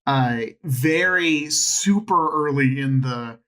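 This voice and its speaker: A man who is a guest on a casual podcast, talking in a hesitant, halting way. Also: medium pitch, a bit bright. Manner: hesitant, halting, many fillers.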